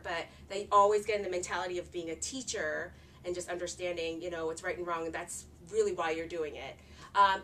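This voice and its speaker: A woman's voice: on the low side, bright, forceful tone, far from the mic, slight background noise. A woman in her thirties talking casually to camera about parenting, chatty and earnest with many filler words. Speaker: parenting vlogger.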